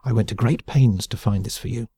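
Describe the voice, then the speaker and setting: A man voicing a frail, cackling old prisoner with a raspy voice in an audiobook. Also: on the low side, a little fast, dark tone, no room sound. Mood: warning. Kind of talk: audiobook character voice.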